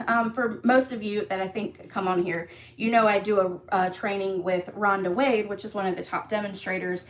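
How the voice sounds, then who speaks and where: Streaming a casual craft tutorial from the craft room in her home, a woman speaks at a normal speed in a steady, mid-range voice. She keeps it chatty and upbeat, sprinkling in plenty of fillers and little laughs.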